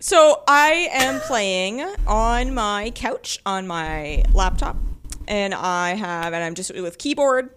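A woman co-hosting a casual podcast, telling an animated story with laughs and acted-out quotes. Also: mid-range voice, slow, slight background noise. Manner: lively, laughing, acts out quotes. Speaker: podcast co-host.

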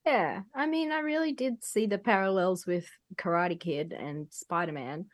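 A woman co-hosting a casual movie podcast, making quick quips and laughing often. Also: on the low side, no room sound. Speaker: podcast co-host.

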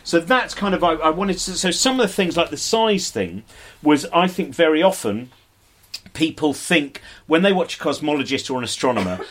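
A comedian talking live on stage to a bookshop audience, rambling and self-deprecating, with quick asides and exaggerated voices for the people he quotes. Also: on the high side, fairly bright tone. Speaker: comedian and broadcaster, guest.

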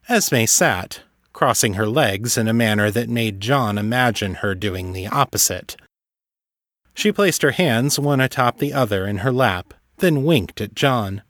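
Measured male audiobook narrator. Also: medium pitch, fairly bright tone, no room sound, studio quality.

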